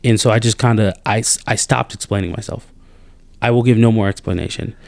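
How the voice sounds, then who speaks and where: A man in a casual podcast chat, venting with exasperation and rising to high incredulous outbursts. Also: a little fast, vocal fry, dry recording. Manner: animated and exasperated, voice jumps up when incredulous. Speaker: podcast co-host.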